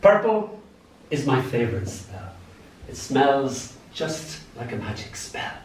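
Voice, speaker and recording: An older Irish man reads his poetry to a live audience in a playful, lilting way. His voice sits at a middle pitch and reaches the mic from far off, ringing around a very echoey venue with faint ambience behind. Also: big pitch swings, takes it slowly, a little hiss or hum. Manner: playful, lilting, sudden swings in loudness. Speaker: poet. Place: event venue.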